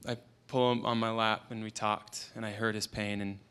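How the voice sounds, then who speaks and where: A man's voice: on the low side, flat delivery, normal speed, a bit bright, clear, resonant tone. Earnest man telling a personal story. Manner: earnest storytelling, quoting a client and his child. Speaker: parenting expert and speaker. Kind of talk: motivational talk. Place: conference event.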